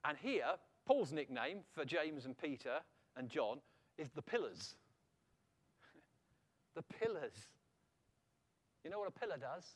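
Middle-aged guy preaching, pretty high voice, lively, keeps asking the crowd questions. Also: takes it slowly, pauses often. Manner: animated, asks the audience rhetorical questions. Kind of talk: sermon.

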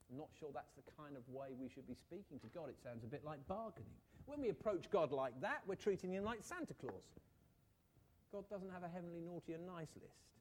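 A man with a slightly higher voice preaching a sermon. He talks to his listeners conversationally, asks rhetorical questions and now and then acts out what the people in the story might have said. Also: sing-song, moderate pace, a little hiss or hum.

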